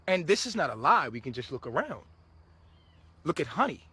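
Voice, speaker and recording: A man's voice: a little high, sing-song, moderate pace, sharp tone, breathy edge, dry recording. A man giving a casual spiritual monologue to his viewers, preachy and swearing freely, often breaking into laughter. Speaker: spiritual vlogger.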